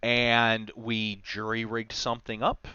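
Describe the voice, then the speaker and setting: Smooth low-voiced man, chatty streamer. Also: completely flat delivery, takes it slowly, sharp tone, no room sound, muffled recording. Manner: chatty, storytelling, wry asides. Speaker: game master streaming a talk on game design. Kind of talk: casual livestream talk.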